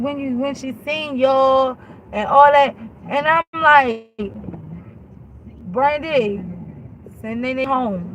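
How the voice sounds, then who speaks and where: Her voice is high-pitched and the recording is muffled, with noise behind her. As a show host, she launches into a lengthy, exasperated tale, playing both parties in the argument and cursing freely in an animated storytelling rant.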